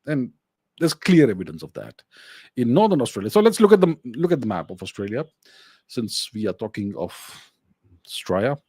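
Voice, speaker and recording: Lively Indian man hosting a Q&A. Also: mid-range voice, normal speed, slightly rough, dry recording. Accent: Indian English. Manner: lively explainer, rhetorical questions, thinks aloud. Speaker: host answering viewer questions. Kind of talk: solo Q&A livestream.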